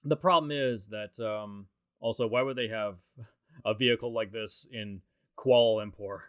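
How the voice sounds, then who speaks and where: Clean, bright-ish and low-leaning, this man's voice comes at normal speed in a studio recording with no room sound. He delivers a casual film commentary, conversational and rambling, with frequent fillers and restarts.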